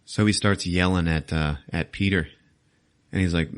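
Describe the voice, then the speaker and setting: Deep-voiced man recapping a movie casually. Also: steady tone, normal speed, clear, resonant tone. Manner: loose, laughing, swears often, acts out the scenes. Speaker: podcast host.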